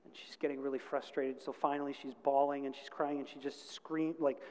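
A man's voice: medium pitch, little pitch movement, brisk, mellow. A man preaching a sermon, telling a story earnestly and rising to emphatic peaks. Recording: long reverb of a large hall.

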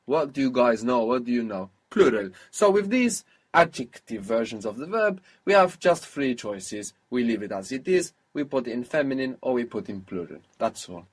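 A man's voice: medium pitch, big pitch swings, normal speed, few pauses, breathy edge. A man teaching a spoken language lesson, patiently coaching pronunciation step by step.

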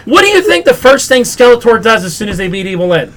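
A young man with a fairly high-pitched voice hosts a casual pop culture podcast. He recaps what he watched in an animated, exasperated way, peppering his talk with "like" and profanity. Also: fast talker, hardly any pauses, very noisy. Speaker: podcast host.

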